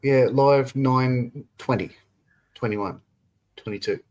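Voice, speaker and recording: A man co-hosting a relaxed model-building livestream, reading viewers' comments aloud and laughing often. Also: mid-range voice, slow. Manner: laughs often, reads chat messages aloud. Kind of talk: casual chat reading out live comments.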